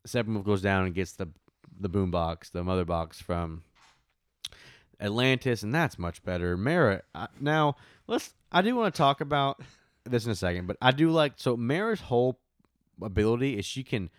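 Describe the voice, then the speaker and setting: A man's voice: on the low side, lively intonation, moderate pace, no room sound, studio quality. A man hosting a casual film discussion, recapping scenes in a rambling, enthusiastic way with plenty of fillers.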